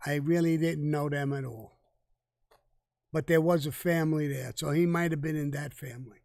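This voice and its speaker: An older man talks in a casual live Q&A. His voice sits a little high, and the mic picks him up dry and close. He is blunt and profane, stumbling and restarting as he goes. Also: steady tone, normal speed, gravelly, darkish tone, no echo. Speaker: guest answering viewer questions.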